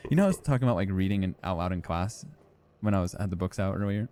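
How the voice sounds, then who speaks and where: A man's voice: deep voice, quick pace, warm tone. A young man streaming a game, rambling and joking, with lots of fillers and swearing. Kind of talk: casual gameplay commentary.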